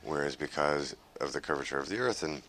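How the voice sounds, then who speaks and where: A man, the film's lead actor, giving commentary in a slow, considered manner. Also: extremely low pitch, a bit bright, a little hiss or hum. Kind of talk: film commentary.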